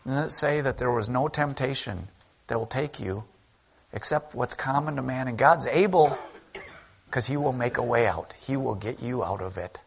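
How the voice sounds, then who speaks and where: A male pastor delivering an earnest, conversational sermon with a gravelly edge to his voice. His pitch sits in the middle of the male range. He talks to the congregation plainly, as if chatting with them. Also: normal speed. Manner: conversational, earnest preaching that acts out quoted speech.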